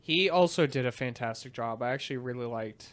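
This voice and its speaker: A man co-hosting a casual movie podcast, giving his opinions steadily with frequent pauses and filler sounds. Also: medium pitch. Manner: steady, hesitant, lots of ums and uhs. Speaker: podcast co-host. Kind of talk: casual film review chat.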